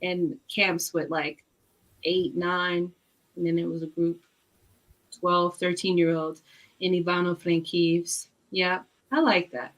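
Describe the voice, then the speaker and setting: A woman telling stories in a casual chat, animated and laughing, with many fillers. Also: lowish voice, slow pace. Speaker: book club guest.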